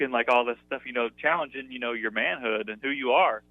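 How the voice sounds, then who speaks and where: A young man, a former college pitcher, telling stories as an interview guest in a chatty way, full of fillers and laughter. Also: a little fast, hardly any pauses. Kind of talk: casual interview storytelling. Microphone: phone call. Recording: dry tinny phone line.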